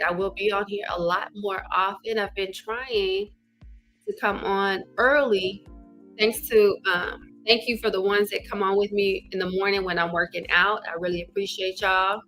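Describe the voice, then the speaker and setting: A middle-aged woman from Arkansas with a Southern accent, a love coach hosting a casual, energetic livestream and greeting viewers by name. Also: mid-range voice. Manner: chatty, energetic, greets viewers by name, says "y'all" and "child".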